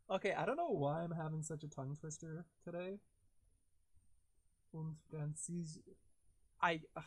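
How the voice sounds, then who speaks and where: Giggly high-voiced young man rambling. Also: dry recording. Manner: rambling, giggly and self-deprecating. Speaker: live-stream host. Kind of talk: casual live-stream chat while editing.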